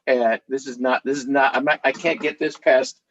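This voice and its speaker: A middle-aged man spins stories for a live audience in a husky, mid-pitched voice. He talks in a chatty, animated way. The sound is slightly dull and lo-fi. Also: moderate pace. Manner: animated, chatty, laughs while telling stories. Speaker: author.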